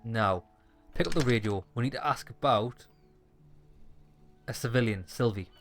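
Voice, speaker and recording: A man's voice: medium pitch, lively intonation, normal speed, faint music behind. A man playing a story game, reading its dialogue aloud with sweary, sarcastic asides. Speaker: gaming streamer. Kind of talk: let's-play reading and commentary.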